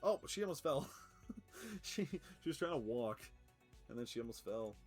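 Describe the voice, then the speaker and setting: A man streaming a factory game live, excitable and swearing, laughing often and cooing at his cat. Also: mid-range voice, fairly quick, slightly rough, soft background music. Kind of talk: live gameplay commentary.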